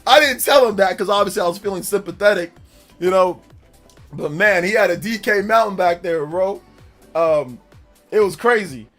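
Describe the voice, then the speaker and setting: Young man, livestream host, animated storyteller, high voice, faint background music. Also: normal speed. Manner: animated, slangy, acts out voices in his story.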